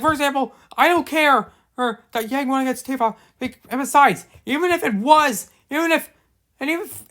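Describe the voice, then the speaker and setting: A young man giving a ranting episode review, stammering and restarting often, swinging between loud outbursts and quiet mumbling. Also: extremely high pitch. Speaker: show reviewer.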